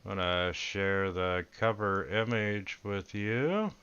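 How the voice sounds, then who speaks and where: A man acting as game master, introducing an adventure in a relaxed, hesitant way with many filler pauses. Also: lowish voice, clear, resonant tone, dull audio. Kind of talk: casual game session intro.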